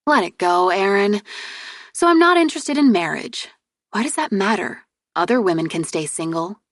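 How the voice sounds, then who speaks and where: A woman reader voicing a proud, exasperated young princess heir in an audiobook, with sharp, indignant retorts. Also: medium pitch, lively intonation, normal speed, no echo, clean studio sound, lightly acted. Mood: earnest.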